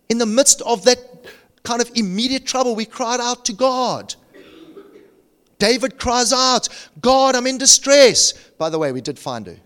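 A middle-aged man preaching a sermon, swinging from quiet, intimate lines to near shouts. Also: high voice, expressive, moderate pace. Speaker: pastor.

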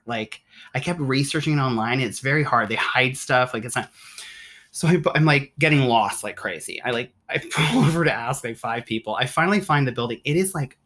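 A man telling a story as a podcast guest, excited and rambling, with lots of "like" and restarts. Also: mid-range voice, a little fast. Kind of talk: casual storytelling.

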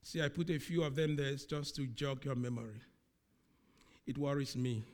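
A man preaching a sermon, speaking slowly and with emphasis, often repeating key words. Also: mid-range voice, a little mellow.

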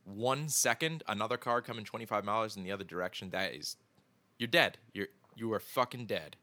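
A man's voice: lowish voice, brisk, pushed and bright, dry recording. A young man from the Philadelphia area, rambling through stories in casual podcast chat, swearing and laughing easily. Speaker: podcast guest.

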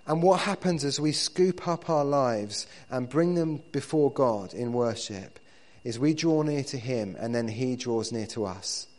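A man preaching to his church in a relaxed, conversational way, often repeating words as he builds his points. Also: medium pitch, measured pace, hardly any pauses. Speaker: pastor. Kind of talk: sermon.

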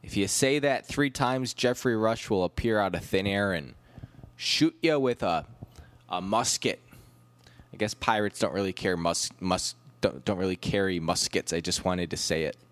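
Male comic podcast host, dry and rambling with self-mocking asides, low-set voice, dry room. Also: normal speed, dry recording. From United States. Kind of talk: comedic solo monologue.

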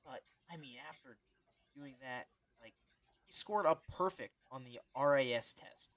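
This is a man in easy, casual sports talk on a podcast. His pitch sits in an ordinary middle range. He rambles and gets animated, often rattling off numbers. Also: unhurried. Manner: animated, rambling, reads stats aloud. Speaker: podcast co-host.

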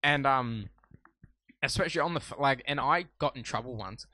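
A man's voice: medium pitch, normal speed. A young man, co-hosting a casual podcast and telling school stories with plenty of swearing. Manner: storytelling, swearing freely, animated. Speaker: podcast co-host. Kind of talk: casual chat.

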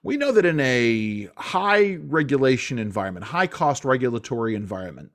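A man hosting a political talk show, speaking in a halting way with many restarts and fillers. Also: mid-range voice, animated. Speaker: radio talk show host.

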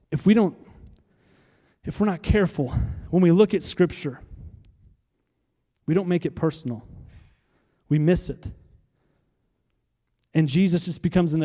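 A man's voice: fairly high pitch, dark tone, big-room sound. A man pastor preaching a sermon, with emphatic repetition and call-and-response to the congregation.

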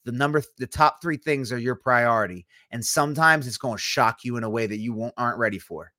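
A young man with a drawl gives a teaching sermon, talking straight to his listeners in a blunt, casual voice. His pitch sits in an ordinary middle range, and the dry, close sound has almost no room around it. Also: a little fast, sharp tone, no echo. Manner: conversational, blunt, teasing asides. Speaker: preacher.

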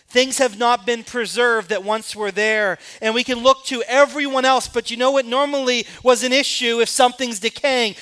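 A man preaching a sermon as pastor, rising to emphatic peaks and dropping to quiet asides. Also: very high-pitched, clean tone.

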